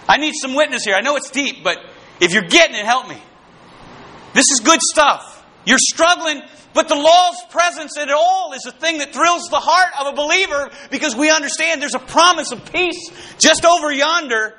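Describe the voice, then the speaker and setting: High, bright-voiced fervent preacher man. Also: expressive, moderate pace. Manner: fervent, calls out to the congregation, bursts into shouts. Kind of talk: sermon.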